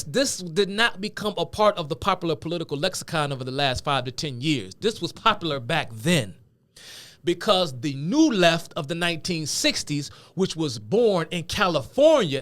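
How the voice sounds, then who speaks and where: A man with a high voice delivers lecture-style commentary on politics. He talks emphatically and conversationally and drops casual slang as he explains things to his viewers. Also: a bit bright.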